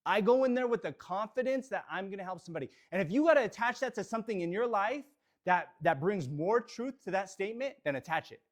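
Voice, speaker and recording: A man's voice: sits high, animated, fast talker. A man leading a live real estate training session, speaking energetically and motivationally straight to the audience.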